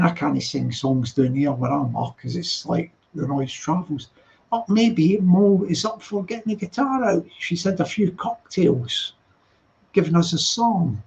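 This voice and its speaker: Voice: medium pitch, vocal fry, darkish tone, dull audio. A live stream host, rambling and chatty while reading viewer comments late at night, laughing often.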